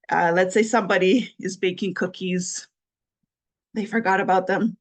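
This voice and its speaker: Woman giving parenting advice in a steady voice. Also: fairly low pitch. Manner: explains step by step, repeats key points, laughs lightly. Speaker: podcast host. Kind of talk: solo advice talk.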